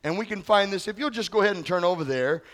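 A man's voice: sits high, expressive, fast talker, fairly bright tone. A male pastor preaching a sermon in a conversational way, often asking the congregation questions.

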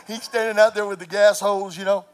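Man, pastor, sermon, very high voice, builds to shouting, laughs through stories.

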